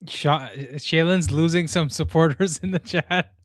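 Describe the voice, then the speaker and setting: Teasing high-voiced streamer man. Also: steady tone, unhurried, dry recording, clean studio sound. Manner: teasing, laughs often. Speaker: co-host. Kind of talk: casual livestream chat.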